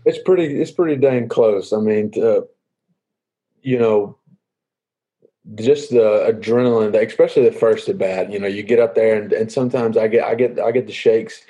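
A young man, a baseball player answering interview questions in a halting, easygoing way full of fillers. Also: lowish voice, dark tone, poor audio. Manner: halting, lots of fillers and restarts.

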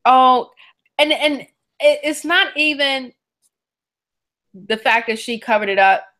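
A woman's voice: sits high, takes it slowly, bright, forceful tone. A woman co-hosting a podcast, chatting casually and indignantly. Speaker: podcast co-host. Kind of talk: casual chat.

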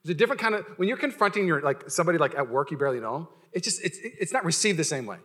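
This is a young man preaching a sermon in a relaxed, conversational way. His voice is bright and forceful and sits a bit high. He jokes often and restarts his sentences as he goes. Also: very fast. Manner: casual, joking, many fillers and restarts. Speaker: pastor.

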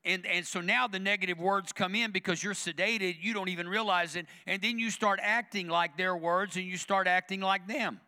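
Man, pastor, sermon, fairly high voice, emphatic and repetitive, conversational. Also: fairly even intonation, normal speed, hardly any pauses, sharp tone, big-room sound. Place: church sanctuary.

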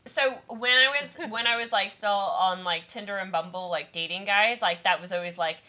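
A woman's voice: mid-range voice, normal speed, sharp tone. A woman co-hosting a podcast, chatting casually, filling her talk with "like" and acting out little quotes. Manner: chatty, lots of "like", acts out quotes.

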